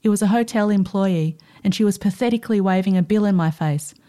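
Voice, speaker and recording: A woman narrates a documentary in a measured, scripted delivery. Her voice is mellow and warm, in a middle register. She reads diary passages with a dry storytelling touch. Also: mid-range voice. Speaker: documentary presenter.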